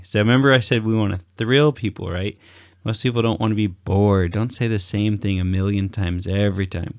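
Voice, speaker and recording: A man's voice: fairly quick, no echo, lo-fi sound. A man giving casual communication advice, acting out examples with big swings in his voice. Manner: energetic, acts out examples with big pitch swings. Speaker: communication coach. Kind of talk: casual advice talk to camera.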